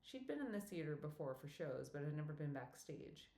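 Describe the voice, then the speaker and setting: A woman with a low voice reads an audiobook in an even, measured way. The recording has a roomy echo around her narration. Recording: echoey room.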